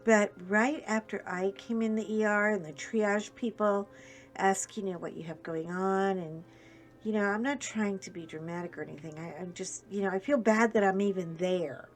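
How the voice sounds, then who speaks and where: A woman's voice: mid-range voice, fairly even intonation, normal speed. Chatty rambling woman vlogger. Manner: rambling, chatty, self-deprecating humor. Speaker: crafting vlogger. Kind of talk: casual chat while crafting.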